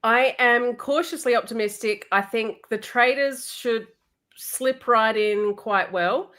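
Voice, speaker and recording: A woman co-hosting a casual chat, giving dry, measured opinions. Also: on the high side, fairly bright tone. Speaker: co-host.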